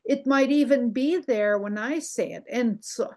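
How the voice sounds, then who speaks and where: A woman's voice: on the high side, a little slow, dark tone. An older woman teaching a language lesson, patiently repeating words and checking in with "okay?" as she goes.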